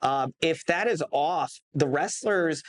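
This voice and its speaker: A man's voice: on the high side, expressive, slow pace. A man who works as a wrestling referee, talking casually and playfully in a podcast interview and often adding "man".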